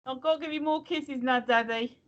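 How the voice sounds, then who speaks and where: A woman's voice: high voice, fairly quick, fairly bright tone, dull audio. A woman voicing her pampered little pet dog in cooing baby talk. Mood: begging.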